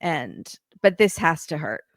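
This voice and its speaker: A woman's voice: low-pitched, big pitch swings, measured pace, no room sound, studio quality. A woman hosting a podcast, recapping a reality show in casual chat and acting out the quotes with a wry tone. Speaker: podcast host.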